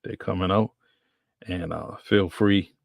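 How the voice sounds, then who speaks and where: A man's voice: low voice, fairly even intonation, slow, vocal fry, no echo. A man with a New England accent hosting his podcast in a casual, rambling solo chat, repeating himself as he goes. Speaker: podcast host.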